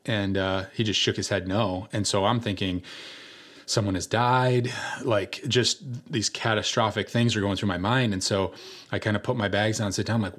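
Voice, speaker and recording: A young man preaching a sermon, telling a personal story in a relaxed, conversational way with many filler words. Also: lowish voice, moderate pace. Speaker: pastor.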